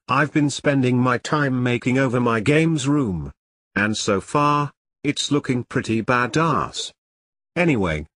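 With a medium-pitched, slightly bright voice, a man performs a scripted comedy bit as a furious game collector. He rants, boasts, and swears nonstop.

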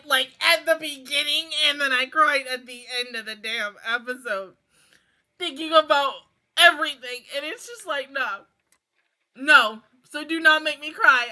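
A woman's voice: high-pitched, moderate pace, pushed and bright, low-quality recording. A woman reacting to an anime episode, pleading and laughing a lot as she talks to herself. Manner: emotional, pleading, laughs often. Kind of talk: casual reaction commentary.

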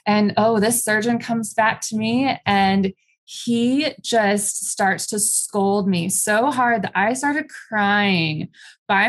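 A woman guest in an interview, candidly and plainly recounting a personal experience, with frequent ums. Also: mid-range voice. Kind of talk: personal storytelling.

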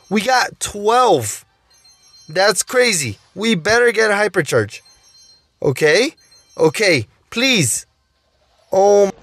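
Man, high voice, dry close sound, gaming commentary, begging for luck, keeps addressing viewers. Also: fairly bright tone, no echo. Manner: pleading, keeps saying "guys" and "oh my dude". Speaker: mobile gaming YouTuber. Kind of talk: gameplay commentary while opening loot boxes.

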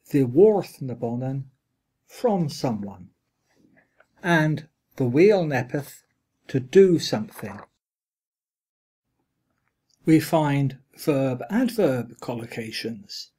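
Slow, measured male lecturer voice. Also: fairly high pitch, darkish tone, slightly rough. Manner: deliberate, measured reading of quoted examples and glosses. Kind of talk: read linguistics lecture.

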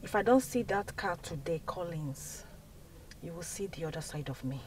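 A woman's voice: sits low, expressive, moderate pace. A woman acting in a film, making an impatient, demanding phone call. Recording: distant mic with faint noise.

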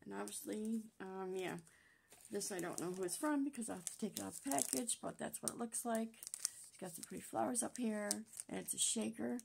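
A woman's voice: medium pitch, fairly quick, vocal fry, darkish tone, slight background noise. A woman hosting a craft channel, chatting casually and gushing as she unboxes craft supplies. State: out of breath. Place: at a table at home.

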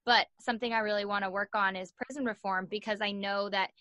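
A young woman telling a story as a podcast guest, animated, acting out the voices of the people in it and saying "like" a lot. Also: medium pitch, fast, no echo. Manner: animated, acts out voices in her stories, says "like" a lot. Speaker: guest, sports journalist and podcaster. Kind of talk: casual storytelling in an interview.

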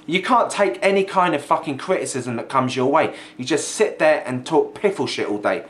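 A man's voice: a little high, expressive, moderate pace, a bit bright. A young man ranting angrily in a vlog, sweary and mocking, sounding exasperated. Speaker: video ranter. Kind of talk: angry vlog rant.

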